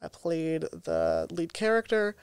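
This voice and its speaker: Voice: medium pitch, huge pitch swings, slow, clear, resonant tone, no echo. Chatty podcast co-host telling a story. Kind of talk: casual podcast chat.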